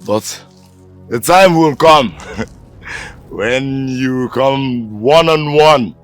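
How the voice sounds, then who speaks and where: A man playing a slow, taunting Nigerian man. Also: mid-range voice. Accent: Nigerian English. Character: taunting man, warning of consequences. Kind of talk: Nollywood film acting. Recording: film audio with background music.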